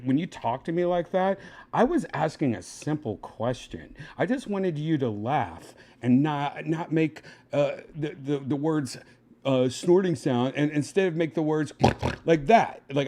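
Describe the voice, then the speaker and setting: A man's voice: medium pitch, dark tone. A man streaming casually, mocking and swearing at an AI assistant in an exasperated way. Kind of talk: casual livestream chat.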